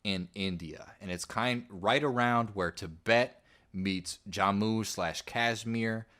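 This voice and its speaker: A man's voice: lowish voice, slow, a bit bright. A man co-hosting a casual history podcast, laid-back and swearing now and then as he tells the story. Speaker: podcast host.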